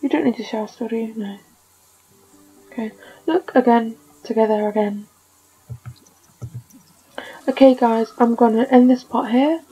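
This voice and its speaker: A woman's voice: fairly high pitch, measured pace, pauses often, dark tone, slightly rough, rough recording. A woman giving casual commentary while she plays a life-simulation game, scolding and coaxing her characters like a fussing parent. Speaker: gaming video creator.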